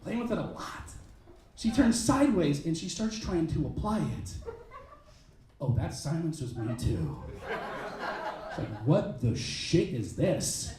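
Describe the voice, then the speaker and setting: High-voiced man doing stand-up in a roomy club. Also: noisy background. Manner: animated, punchy delivery with quick asides. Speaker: stand-up comedian. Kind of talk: stand-up storytelling. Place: comedy club stage. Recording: roomy club sound, mic at a distance.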